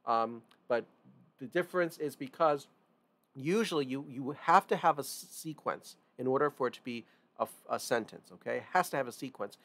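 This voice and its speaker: A man's voice: mid-range voice, expressive, normal speed, a bit bright. A man teaching a music theory lesson in a loose, informal way. He repeats and stresses key points and often restarts his sentences. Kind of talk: casual online lesson.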